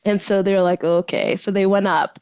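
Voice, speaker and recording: A young woman, a podcast guest, telling a story in a casual way, animated and laughing often as she talks. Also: medium pitch, normal speed, clean tone, no room sound, poor audio.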